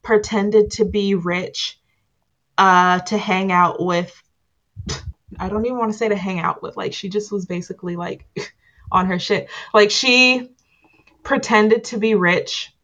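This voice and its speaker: A woman co-hosting a casual chat show, retelling scenes with lively laughter. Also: mid-range voice, measured pace. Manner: lively storyteller, laughs a lot. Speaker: podcast co-host. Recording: dull lo-fi sound.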